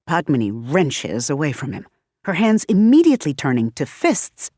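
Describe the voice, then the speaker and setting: Expressive woman audiobook narrator. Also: low-pitched, moderate pace, no room sound, studio quality. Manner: expressive, varied delivery. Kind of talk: scripted narration.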